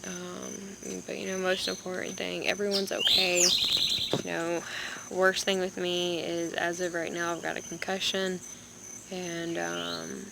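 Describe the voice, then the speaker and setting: A young woman vlogger, in pain and low on energy, telling a story in a rambling, halting way into a phone. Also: flat delivery, vocal fry. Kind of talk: casual vlog storytelling. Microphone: phone camera. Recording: background noise with birds and insects.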